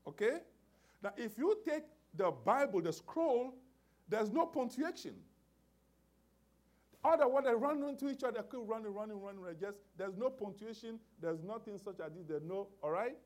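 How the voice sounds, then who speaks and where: A male preacher delivering a sermon with a lively pitch that climbs and dips. He speaks with emphasis, restarts his sentences and repeats key phrases. He keeps checking in with the congregation by calling for an amen. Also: normal speed.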